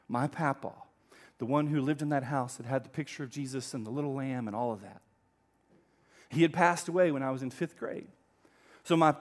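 A middle-aged male pastor preaching a sermon, telling a story with emphatic swings between loud and quiet. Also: on the high side.

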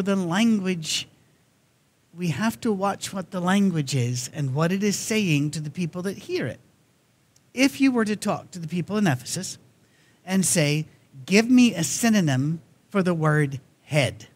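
Man, preacher, sermon, conversational storytelling, higher-pitched voice. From Scotland. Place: church.

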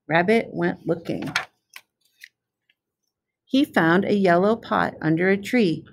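A woman with a lowish voice, a preschool specialist, reads a picture book aloud to young children in a slow, clear storytelling manner. A little hiss or hum can be heard.

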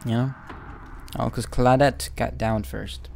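Gravelly young man narrating gameplay. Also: medium pitch, slow, a little hiss or hum. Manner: chatty, self-talking, bursts into excited yelling. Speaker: gaming YouTuber. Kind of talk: casual gameplay commentary.

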